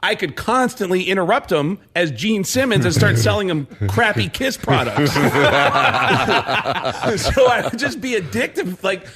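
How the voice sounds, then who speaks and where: A man, a comedian guest, telling an animated story on a radio show and slipping into celebrity impressions. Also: sits high, measured pace, breathy edge. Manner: animated, lively, laughing often.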